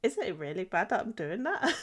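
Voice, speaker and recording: A woman's voice: medium pitch, sing-song, unhurried, husky. Girl streaming her drawing, giggly and chatty, stuffed up with a cold. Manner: giggly, chatty, self-deprecating. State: has a cold. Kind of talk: casual live-stream chat while drawing.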